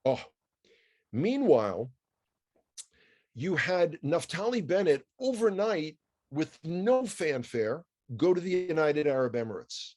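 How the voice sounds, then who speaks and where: A man with a New York accent talks through the latest news in a relaxed, wry way. He keeps throwing out rhetorical questions and side remarks. His voice sits a touch higher than most men's. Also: slow. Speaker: commentator. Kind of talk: conversational news commentary.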